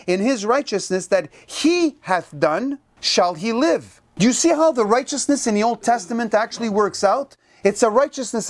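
A Bible teacher gives an emphatic teaching, reading scripture passages aloud and answering their own rhetorical questions. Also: mid-range voice. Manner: directs listeners to turn to verses and reads scripture aloud.

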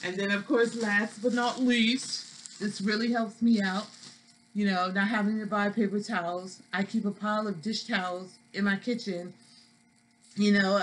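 Woman, New York accent, vlogger, casual haul chat, folksy, talkative, mid pitch, light background hiss. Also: poor audio. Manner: chatty, folksy, addresses viewers as y'all. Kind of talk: casual product haul vlog.

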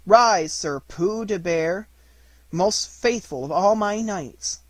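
A man's voice: high voice, expressive, unhurried, dry recording, voice pushed up. A man voicing an earnest, thoughtful little boy in a storybook reading, speaking tenderly. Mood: kindly.

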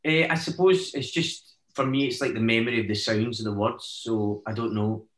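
A man's voice: medium pitch, steady tone, moderate pace, fairly bright tone, roomy sound, rough recording. A Scottish man chatting as a guest actor, telling stories in a rambling way with lots of "eh" fillers. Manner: rambling storytelling, many "eh" fillers. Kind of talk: casual chat.

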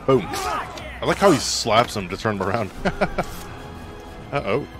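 A man's voice: mid-range voice, animated, unhurried. Joking male streamer over game music. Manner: joking, chatty, reacts aloud to the game and reads out chat. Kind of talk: casual gameplay commentary. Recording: game music playing underneath.

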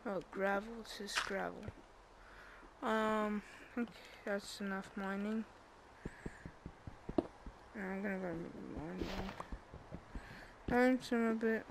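A young woman plays a video game and chats casually about it, thinking out loud and bursting into laughter and squeals. Her mid-range voice stays fairly even, moving slowly with long pauses, against game music and background noise.

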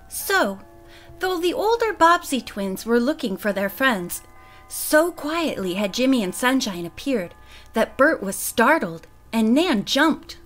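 A woman narrating a children's book aloud with expressive storytelling. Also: a little high. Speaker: audiobook narrator.

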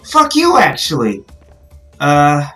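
A young woman playing a video game and commenting, cursing and yelling at the screen in frustration. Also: low-pitched, wildly swooping pitch, takes it slowly, faint music behind. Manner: frustrated, swears a lot, yells at the game. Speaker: gaming channel host. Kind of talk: let's play commentary.

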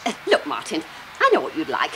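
An actress playing a flustered woman coaxing and calming her husband in a sitcom. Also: sits low, brisk, slight background noise, heavily acted, low-quality recording. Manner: soothing, coaxing.

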